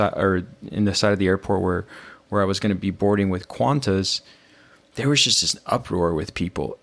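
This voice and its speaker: A man hosting a podcast, telling a personal story in an animated way, often restarting his phrases. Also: low voice, creaky. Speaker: podcast host. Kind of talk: conversational storytelling.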